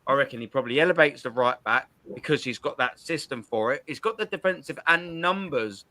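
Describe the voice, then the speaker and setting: A man's voice: medium pitch, expressive, brisk, bright, forceful tone, dry recording. A young man hosting a football call-in show, chatting casually in slang with lots of restarts. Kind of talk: casual chat.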